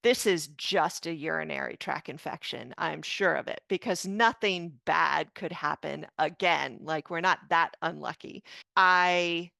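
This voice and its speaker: A woman's voice: deep voice, vocal fry, sharp tone, no echo. A woman in her fifties, a doctor and mother, earnestly telling a personal story in an interview. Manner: slow, earnest, emotional recounting. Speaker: physician and parent guest.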